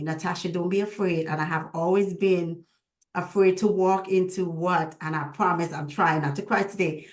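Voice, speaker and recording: A woman with a slightly low voice hosts a video call and speaks in a heartfelt, prayerful way. She sounds emotional, and her words carry a roomy echo. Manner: prayerful and emotional, with lively retold dialogue. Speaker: host.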